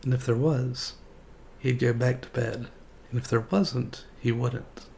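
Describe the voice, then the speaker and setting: A man streamer reading a children's storybook aloud in a relaxed, folksy way. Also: medium pitch, unhurried, vocal fry, slight background noise.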